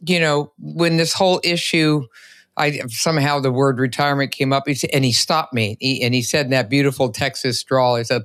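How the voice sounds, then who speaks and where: A woman's voice: a bass voice, fairly even intonation, fairly quick. A woman hosting a podcast interview, talking in an enthusiastic, emphatic way and telling stories. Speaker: podcast host. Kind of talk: conversational interview.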